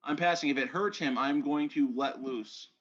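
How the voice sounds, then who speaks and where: A man's voice: a little high, normal speed, fairly bright tone, dull audio. A man playing a tabletop game over a voice call, eager and joking. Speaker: player. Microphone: online voice call.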